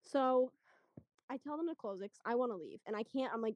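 A young woman telling a story in casual chat, chatty and animated, acting out what people said. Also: fairly high pitch, quick pace, no room sound, highs cut off. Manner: chatty, animated retelling with quoted voices. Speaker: guest storyteller.

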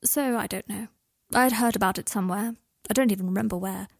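A woman reading the lines of a guarded, sharp-tongued young wizard in an audiobook of fan fiction, speaking softly and often half in a whisper. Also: medium pitch, fast, vocal fry, no room sound, clean studio sound. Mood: wry.

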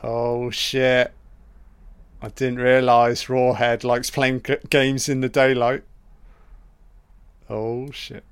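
A man giving a casual, profane running commentary on a film, reacting excitedly to each scene. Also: mid-range voice, slow, long pauses, clear, resonant tone.

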